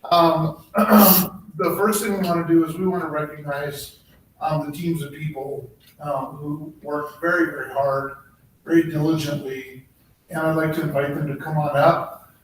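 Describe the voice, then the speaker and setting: Man, slightly high voice, halting and umming, slightly worn voice, boardroom echo. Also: steady tone. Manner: halting, many ums and restarts. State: slightly losing his voice. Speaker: human resources director. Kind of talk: formal presentation at a meeting. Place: public board meeting room. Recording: echoey room, distant mic, faint noise.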